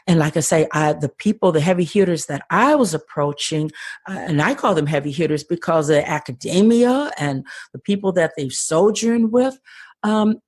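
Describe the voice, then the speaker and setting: Older lady guest on a podcast, low raspy voice, passionate, keeps restarting phrases. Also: lively intonation, normal speed, no echo. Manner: earnest, passionate, repeats words when starting phrases. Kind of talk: conversational interview.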